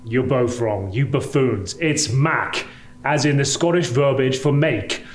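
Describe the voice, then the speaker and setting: A man's voice: medium pitch, unhurried. Pompous man in a comedy sketch. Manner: pompous, grandiose.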